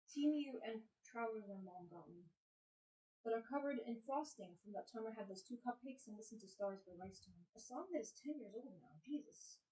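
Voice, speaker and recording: A woman's voice: on the high side, mellow, far from the mic. A woman in her twenties chatting casually with her live stream chat, rambling from topic to topic. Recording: roomy sound, away from mic.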